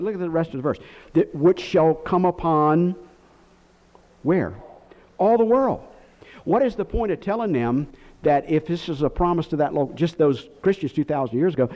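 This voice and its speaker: A man teaching a Bible lesson in sermon style, emphatic and full of rhetorical questions. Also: fairly high pitch. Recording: dull lo-fi recording.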